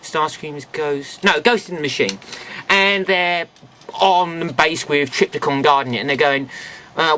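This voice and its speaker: A man talks through old toys in a casual home vlog. His voice is bright and sharp, and it swings widely up and down. He grumbles frankly and pokes fun at himself. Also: high voice, expressive, measured pace, slight background noise. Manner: grumbling, frank and self-mocking. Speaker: toy reviewer.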